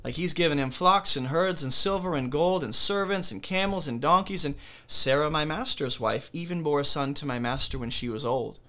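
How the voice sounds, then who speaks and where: A man teaching from the Bible in a relaxed, conversational way, with a bright and forward tone. He reads passages aloud, then stops to explain them and ask questions. He keeps checking in with the listener as he goes. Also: on the high side, normal speed, hardly any pauses.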